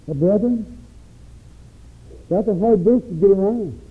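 A man's voice: high-pitched, measured pace, breathy edge. A man preaching a sermon with an emphatic, rising and falling cadence. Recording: tinny phone-like recording.

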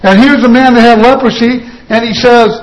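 A male preacher with a notably high-pitched voice delivers a sermon. He drives his points home with repeated phrases and rhetorical questions, quoting scripture along the way. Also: fairly even intonation, normal speed, low-quality recording.

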